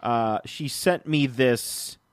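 A man's voice: medium pitch, slow pace, no room sound. A man hosting a casual podcast, chatting with his co-host and rambling a little, with fillers and restarts. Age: adult, uncle of a three-year-old.

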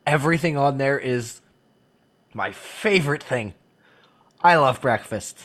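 A man's voice: medium pitch, lively intonation, unhurried, a bit bright. A man co-hosting a stream, chatting casually in a laid-back, joking way. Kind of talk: casual chat.

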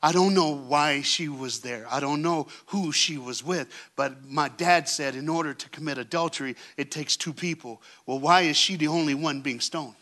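A man with a high, ringing voice preaches from a church stage, telling a story with big drama. He drops to a hush and then climbs to shouting, and keeps drawing the congregation into call-and-response. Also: moderate pace, few pauses. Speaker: guest preacher. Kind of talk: sermon.

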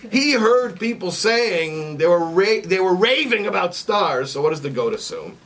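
Male teacher, sermon delivery, animated rise and fall, mic set back with faint hiss. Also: sits high, normal speed. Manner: repetitive, questioning, storytelling. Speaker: religious teacher. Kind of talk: sermon with a parable. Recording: distant mic, faint noise.

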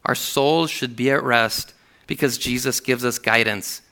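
A man's voice: medium pitch, measured pace, sharp tone. A man preaching a sermon, reading scripture aloud with earnest emphasis.

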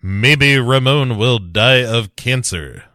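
A man's voice: mid-range voice, animated, slow, sharp tone, no room sound, clean studio sound. A man co-hosting a comedic movie recap podcast, wisecracking and throwing in crude jokes. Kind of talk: casual comedic chat.

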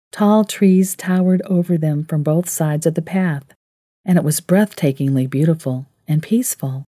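A woman narrating a novel in a low, mellow voice. Her calm, measured delivery sits in a close, dry recording. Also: dry recording. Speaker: audiobook narrator. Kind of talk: scripted narration.

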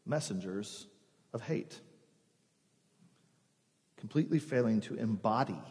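A male pastor delivers an earnest, conversational sermon, sometimes stumbling and restarting. His voice is mellow and warm at a medium pitch. A long reverb of the church sanctuary hangs behind him.

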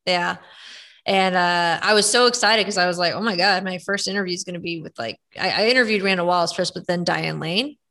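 A young woman chatting casually, telling animated stories with lots of fillers. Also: fairly low pitch, brisk. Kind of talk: casual chat.

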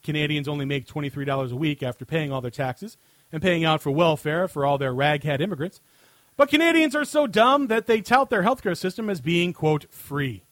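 A man's voice: fairly high pitch, animated, fairly quick, a bit bright, dry recording. A man hosting a podcast, reading long comic answers to listener questions in a mocking, over-the-top way and chuckling at his own jokes into a desk microphone. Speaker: podcast host.

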